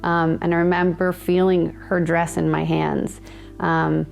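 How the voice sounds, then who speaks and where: A woman in her thirties recounts her memories slowly and thoughtfully, pausing and restarting often. Her voice is fairly low with a gravelly fry. Faint music sits underneath. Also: level tone, a little mellow. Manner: reflective, halting, many fillers and restarts. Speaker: guest. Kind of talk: personal storytelling in conversation.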